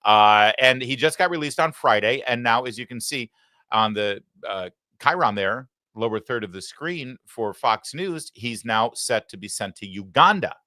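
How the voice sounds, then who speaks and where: Male talk host, mocking commentary, bright forceful voice. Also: mid-range voice, lively intonation, moderate pace, dry recording, clean studio sound. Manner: sarcastic, mocking asides. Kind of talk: live political commentary show.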